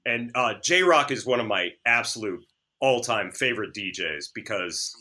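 A man who works as a DJ, chatting as a podcast guest, animated and sarcastic, often stammering as he restarts sentences. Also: medium pitch, normal speed. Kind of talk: casual chat.

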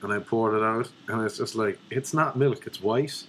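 A man's voice: on the low side, moderate pace, a little hiss or hum. A young man with an Irish accent gives a profane, ranting comedic monologue as a vlogger. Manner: profane, ranting, animated storyteller.

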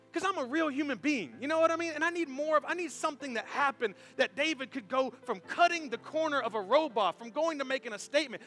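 A pastor with a very high voice preaches a sermon in an animated, conversational style. He keeps putting rhetorical questions to the congregation.

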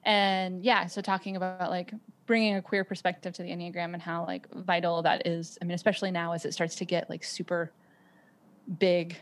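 A woman's voice: fairly low pitch, little pitch movement, a little fast. A woman who is a parent and a podcast guest, talking reflectively in casual conversation, with lots of "um" and "like" and frequent restarts. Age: adult with children.

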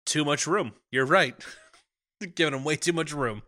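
A man's voice: on the high side, a little slow, bright, forceful tone. A man co-hosting a casual movie podcast, recapping plot and laughing often. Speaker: podcast co-host. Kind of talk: casual comedic movie chat.

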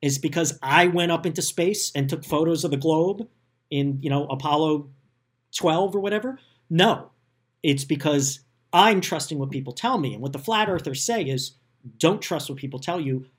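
Sarcastic animated man, slightly high voice. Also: normal speed. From United States. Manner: animated, sarcastic, self-deprecating. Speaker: podcast host. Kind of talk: casual political chat.

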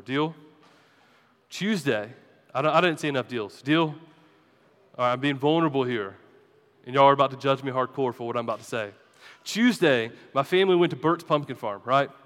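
A man's voice: medium pitch, a bit bright, big-room sound. A male pastor preaching a sermon, chatty and self-deprecating with his congregation. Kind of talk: sermon with personal story. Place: church sanctuary.

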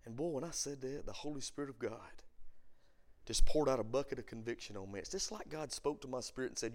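A man, a pastor teaching a Bible study, who swings from shouted emphasis to quiet storytelling. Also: medium pitch, fast talker. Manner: preacher who shouts for emphasis, then tells stories softly.

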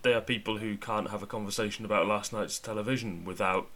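A man's voice: on the low side, steady tone, fast, crowd noise. A man co-hosting a podcast in casual chat, sardonic and often laughing. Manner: sardonic, laughs while talking. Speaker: podcast co-host.

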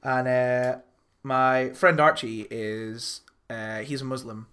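A young man co-hosting a podcast, chatting casually, animated, swearing freely and laughing often. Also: medium pitch, takes it slowly, clear, resonant tone. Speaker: podcast co-host. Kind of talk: casual chat.

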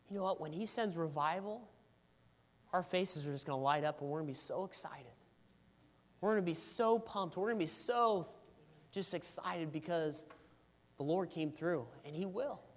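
A man's voice: a little high, long reverb tail. A man preaching a sermon, telling a story about his daughter and then pleading earnestly in prayer for revival. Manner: fervent, rising to pleading intensity in prayer.

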